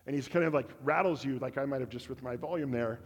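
A man's voice: medium pitch, fast, in a large hall, muffled recording. A man telling a personal story in a sermon, candid and self-deprecating, acting out bits of dialogue. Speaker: preacher. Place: church.

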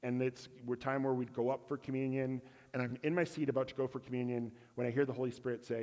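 A man preaching a storytelling sermon at a middle pitch, candid and self-mocking as he slips into voices for the people in his tale. His words carry the long reverb of a church sanctuary. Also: little pitch movement, fast talker, hardly any pauses, darkish tone. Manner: candid, self-deprecating, acts out dialogue.

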